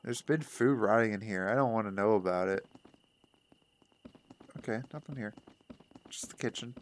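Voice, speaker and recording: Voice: mid-range voice, moderate pace, a little hiss or hum. A player giving casual let's-play commentary on a horror game, joking and reading in-game lines aloud.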